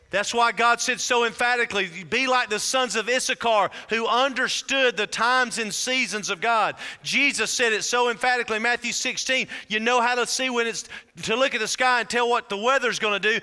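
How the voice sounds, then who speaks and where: High bright preaching man in a big hall. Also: smooth. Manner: preaching with slow drawn-out emphasis and rising fervor. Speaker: pastor. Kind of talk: sermon. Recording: reverberant hall.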